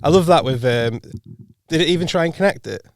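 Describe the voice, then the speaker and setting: A man's voice: fairly high pitch, expressive, brisk, no room sound, clean studio sound. A man co-hosting a podcast in casual chat, teasing and joking, laughing often. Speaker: podcast co-host.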